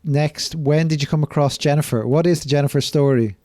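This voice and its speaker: A man hosting a tennis podcast, asking measured, polite interview questions. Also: fairly high pitch, mellow. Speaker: podcast host.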